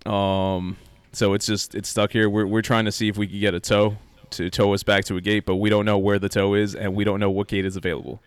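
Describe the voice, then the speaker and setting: A man in casual podcast chat, telling an animated story and acting out what people said. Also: lowish voice, fairly quick, hardly any pauses, clean tone, dry recording. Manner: animated storyteller, acts out quoted lines.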